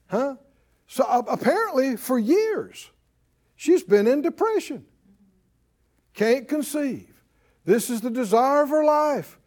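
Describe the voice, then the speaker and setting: High-voiced lively man preaching a sermon. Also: slow pace, pauses often. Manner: conversational preaching, calls out to congregation.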